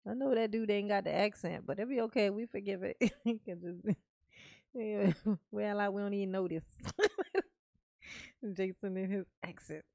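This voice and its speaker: A woman's voice: medium pitch, steady tone, creaky, dark tone, dry recording. A woman hosting a casual live stream, reading chat aloud, playful and laughing as she muses. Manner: playful, laughing, drawn-out musing. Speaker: livestream host reading chat.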